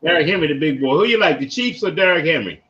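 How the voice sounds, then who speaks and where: A man's voice: a little high, expressive, fast, pushed and bright. An older man with a Baltimore accent hosting a sports podcast in a rambling, slangy storytelling manner. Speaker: podcast host. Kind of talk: casual sports talk. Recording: dull lo-fi recording.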